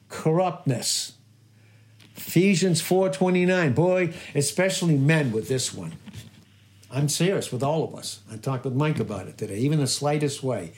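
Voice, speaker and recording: A pastor of medium pitch and darkish tone gives an emphatic sermon. Rhetorical questions come one after another as he repeats and stresses his key phrases.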